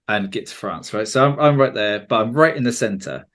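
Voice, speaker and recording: A man's voice: on the low side, animated, fairly quick, fairly bright tone. Southern english guy, jokey podcast host, rambling and chatty. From England. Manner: chatty, jokey, slips into mock regional accents. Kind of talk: casual podcast chat.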